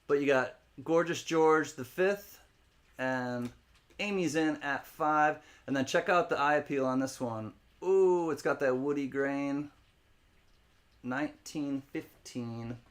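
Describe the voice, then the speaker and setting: Slow and a little high-pitched, a man hosts a live-stream coin auction, calling bids and cracking jokes between lots. He rambles, laughs a lot, chats with viewers by name, and jokingly spells out words letter by letter.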